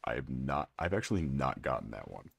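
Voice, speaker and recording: Brief: male streamer, rumbling ultra-low voice, husky and gravelly, dry close sound, casual teasing chat. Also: sing-song, brisk, soft background music. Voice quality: extremely deep gravelly voice. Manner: chatty, teasing, reads and answers chat aloud. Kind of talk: casual live-stream chat while playing.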